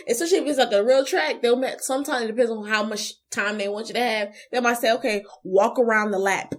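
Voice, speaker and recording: A young woman co-hosting a casual chat show, talking in an animated way and acting out little voices as she tells stories. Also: a little high, fast talker, few pauses. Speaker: co-host.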